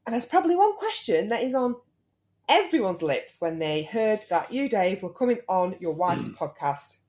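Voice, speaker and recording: A woman's voice: mid-range voice, big pitch swings, moderate pace, darkish tone. A British woman in her thirties hosting a podcast, chatty and teasing in casual talk with her husband. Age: 30s. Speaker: podcast host. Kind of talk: casual chat.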